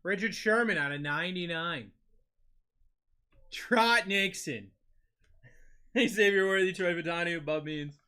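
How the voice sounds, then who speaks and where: A young man with a New England accent runs a live card-break stream, reading out player names and chatting with his viewers in a lively way. His voice sits high for a man, and its tone is strikingly bright and sharp. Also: unhurried, pauses often, clear, resonant tone. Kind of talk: live-stream chat while opening cards.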